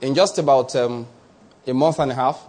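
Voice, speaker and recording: A Nigerian man preaching a sermon as pastor, lively and conversational, acting out small voices and often checking that the listener follows. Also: mid-range voice, moderate pace.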